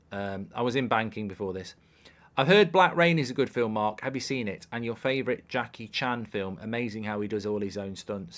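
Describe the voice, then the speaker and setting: A man's voice: lowish voice, fairly bright tone. A man in his thirties hosting a live football watchalong, casually chatting and reading viewer questions aloud in a dry, offhand way. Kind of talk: casual live-stream chat reading comments.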